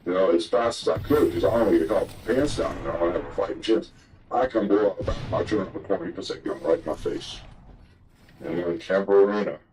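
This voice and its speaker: An older man with a deep, low-pitched voice spins loose, profane stories in a casual chat. A faint hiss of noise sits under his talk. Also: expressive, fast talker. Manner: profane, rambling yarn-spinner. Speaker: guest telling old stories. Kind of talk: casual storytelling.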